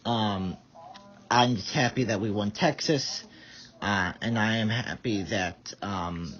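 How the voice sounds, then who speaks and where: A man's voice: fairly low pitch, takes it slowly, fairly bright tone. A tired man giving rambling casual live commentary, stumbling over his words. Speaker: vlogger. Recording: dull lo-fi audio.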